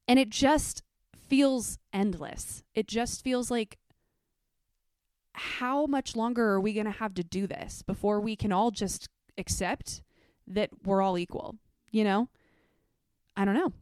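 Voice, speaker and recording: A woman's voice: mid-range voice, darkish tone, smooth, dry recording, studio quality. A young adult woman, a teacher, hosting her own podcast in a candid, reflective way, with frequent fillers. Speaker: podcast host. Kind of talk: casual solo podcast talk.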